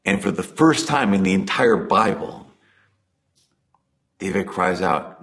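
A man giving a conversational sermon, talking earnestly and dropping to soft emphasis on key points. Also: low-pitched, lively intonation, slow pace, pauses often. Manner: earnest, builds intensity then drops to soft emphasis. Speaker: preacher.

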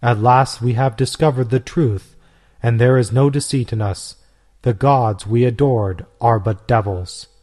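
A man's voice: mid-range voice, unhurried, a little mellow, lightly acted. A man reading as a fervent young convert. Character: young male Christian convert, fervent, earnest. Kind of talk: storybook reading.

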